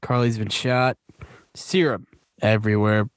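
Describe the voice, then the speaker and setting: A man's voice: on the low side, level tone, a little slow, smooth, no room sound. A man giving casual, blunt movie commentary as a podcast host, swearing and scoffing often.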